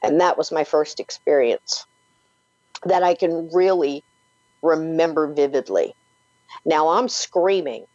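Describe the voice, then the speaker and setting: Low-voiced woman telling a ghost story. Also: takes it slowly, pauses often, dry recording. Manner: vivid, animated retelling full of "like" and "you know". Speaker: paranormal podcaster and author, guest. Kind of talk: storytelling in an interview. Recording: dull lo-fi, dry sound.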